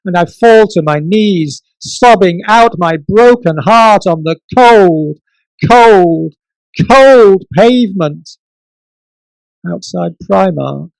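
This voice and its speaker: A man reading his comic poems at a book launch, theatrical, swinging from loud outbursts to soft murmurs. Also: high-pitched, expressive, slow, vocal fry, dry recording, rough recording. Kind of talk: comic poetry reading and casual asides.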